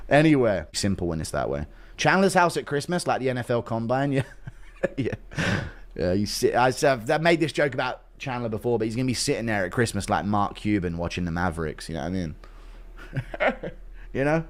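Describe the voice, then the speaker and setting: A man's voice: mid-range voice, very animated, moderate pace, pauses often. A man hosting a livestream, chatting casually, swearing and laughing as he reads out viewer donations. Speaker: livestream host. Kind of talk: casual commentary chat.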